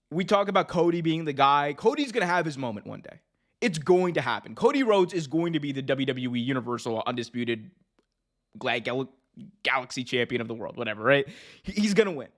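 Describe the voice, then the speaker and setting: A man hosting a wrestling podcast, chatting casually and with animation, often restarting his sentences. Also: mid-range voice. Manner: animated, many restarts and fillers. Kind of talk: casual opinionated chat.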